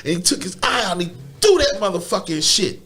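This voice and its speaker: A man's voice: sits high, big pitch swings, brisk, pushed and bright. A man who is a guest on a podcast, telling a story in casual, profane slang, stumbling over repeated words and laughing often.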